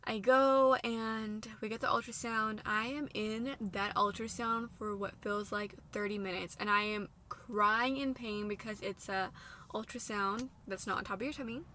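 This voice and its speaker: A young woman in her twenties telling a personal story in a long, run-on way, full of "like", her voice going soft at hard moments. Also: mid-range voice, steady tone, moderate pace, a little hiss or hum. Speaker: vlogger sharing a personal story.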